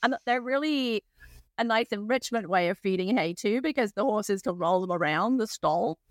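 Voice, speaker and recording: A woman with an accent speaks as a podcast guest expert, explaining things in a conversational way full of "you know" and "like." Her voice has a middle pitch and comes across dry and close to the mic. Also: animated, normal speed, no room sound. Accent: non-local accent. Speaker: equine nutrition guest expert.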